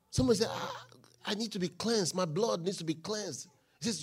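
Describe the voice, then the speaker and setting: A man preaching a sermon, reading scripture aloud and building to shouted declarations. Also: high voice, animated, normal speed, slightly rough. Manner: Bible reading with call-and-response, rising to shouted declarations.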